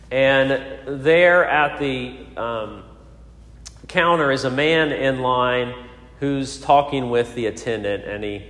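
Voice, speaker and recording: Male preacher, mid-pitched, storytelling sermon with hesitant fillers, roomy echoing sanctuary. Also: a bit bright. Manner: storytelling with frequent fillers and restarts. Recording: echoey hall.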